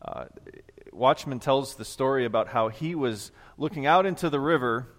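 A man preaches a Sunday sermon from the front of a church. His voice trails away into the long reverb of a big sanctuary. He talks plainly, like a conversation, and gets animated when he tells a story. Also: mid-range voice, normal speed. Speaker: pastor.

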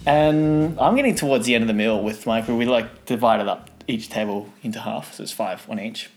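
Casual male podcast co-host, mid-pitched, laughing storyteller. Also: a little fast. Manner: animated, laughing while telling anecdotes.

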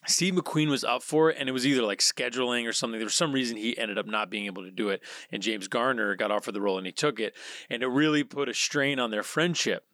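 A male podcast host chatting casually and drifting into long tangents, restarting his sentences as he goes. His voice is bright and forceful in an average pitch. The sound is dry, with no room echo. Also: fast talker. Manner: chatty and digressive, restarts often.

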